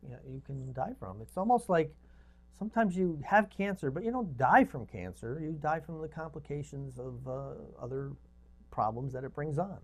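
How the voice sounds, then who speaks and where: A co-host in a casual chat, animated and given to trailing off mid-thought. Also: medium pitch, normal speed. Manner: lively, animated, trails off and restarts.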